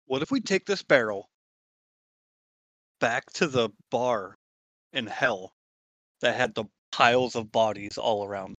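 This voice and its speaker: A man's voice: medium pitch, a little slow, long pauses, fairly bright tone, dry recording. A man playing a tabletop game, musing casually aloud. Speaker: player.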